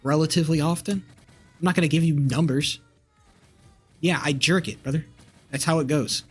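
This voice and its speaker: A man's voice: a little high, steady tone, moderate pace, slightly rough, soft background music. A young man streaming live, rambling casually with crude language and lots of fillers and restarts.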